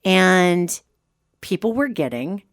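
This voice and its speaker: A woman hosting a podcast as a medium, an animated storyteller who acts out quotes in casual chat. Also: fairly low pitch, slow pace, creaky. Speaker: host and medium.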